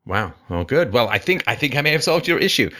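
A man hosting a call-in advice show, talking emphatically with rhetorical questions and lively swings in pitch. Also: quick pace.

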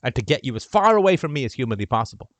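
On his call-in program, a man dispenses fervent advice and plays out a conversation with the caller's brother, going from loud to quiet. His medium-pitched voice swings widely in pitch, he talks very fast, and no room sound is audible.

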